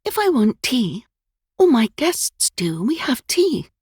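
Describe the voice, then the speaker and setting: A woman's voice: high-pitched, very animated, slow pace, darkish tone, husky, dry recording, studio quality, pitched above the performer's own voice, exaggerated voice. Woman voicing a gracious young lady. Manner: poised, gracious. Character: refined young lady of the manor.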